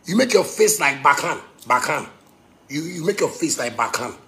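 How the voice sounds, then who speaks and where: A man from Ghana with a Ghanaian Pidgin English accent delivering a rambling, impassioned rant. He repeats his phrases and swings between loud bursts and quieter stretches. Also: on the high side, sing-song, moderate pace, creaky. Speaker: self-described pastor.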